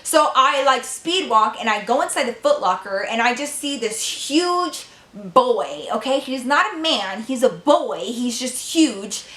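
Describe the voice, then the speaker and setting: A woman in her twenties telling a storytime vlog, profane and animated, talking straight to her viewers. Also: fairly high pitch, measured pace. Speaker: vlogger. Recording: echoey room.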